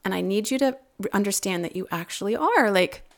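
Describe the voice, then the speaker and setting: A woman in her forties telling a personal story in casual podcast chat, rambling and animated, laughing often. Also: mid-range voice, a little fast, creaky. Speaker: podcast regular.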